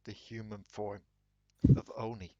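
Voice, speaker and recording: A man narrating a tabletop game as dungeon master, slow and dramatic. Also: on the low side, level tone, mellow, no echo, highs cut off.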